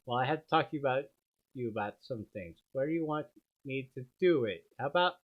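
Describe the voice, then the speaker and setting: A man's voice: mid-range voice, animated, a little fast, lightly acted. A man voicing a young goth female teacher with a chummy, casual manner. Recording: dull lo-fi stream audio.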